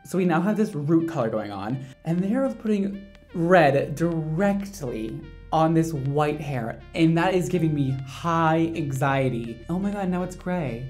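A man, a hairdresser, giving casual reaction commentary in a sassy, animated way with dramatic exclamations. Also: fairly high pitch, measured pace, soft background music.

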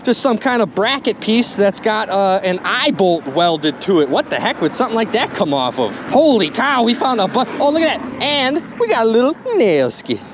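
Excitable man vlogging outdoors. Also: high voice, moderate pace, hardly any pauses, noisy background. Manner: excitable, exclaims often. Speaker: magnet fishing channel host. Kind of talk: excited outdoor vlog narration. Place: outdoors by a bridge over water.

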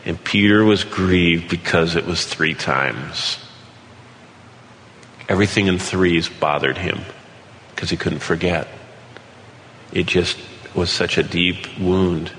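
A man preaching an earnest sermon, slowing down to read scripture aloud. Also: low-pitched, a bit bright. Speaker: pastor. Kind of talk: sermon teaching. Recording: echoey hall with light background noise.

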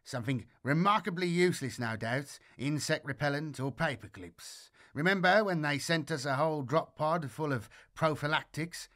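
A man's voice: a little high, moderate pace, few pauses, a bit bright, natural voice. A man voicing a cynical, sardonic male veteran soldier who mocks his comrades in a dry, sneering tone.

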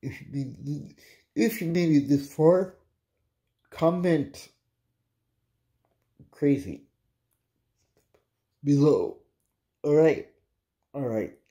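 Slow, mellow-voiced frustrated vlogger. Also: medium pitch, expressive. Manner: halting, restarts sentences, swears under breath. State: frustrated and irritated. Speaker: cannabis vlogger, host of own channel. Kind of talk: casual late-night venting to viewers.

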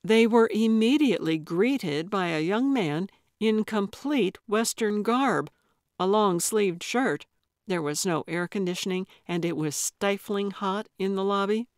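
A woman narrating a cozy mystery audiobook in measured, even storytelling on a close studio mic. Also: medium pitch, no echo. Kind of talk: scripted narration.

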